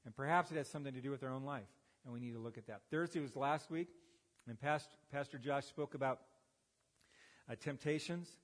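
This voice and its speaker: Folksy tinged pastor in a reverberant church. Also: male voice, medium pitch, a little fast. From United States. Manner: folksy storytelling with self-deprecating humor. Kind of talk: sermon. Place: church sanctuary. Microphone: handheld or headset microphone.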